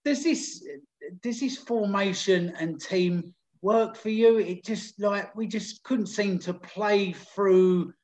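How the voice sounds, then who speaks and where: A man's voice: high-pitched, takes it slowly, a little mellow, reverberant. A man hosting a casual football podcast, chatting loosely with lots of fillers. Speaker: podcast host.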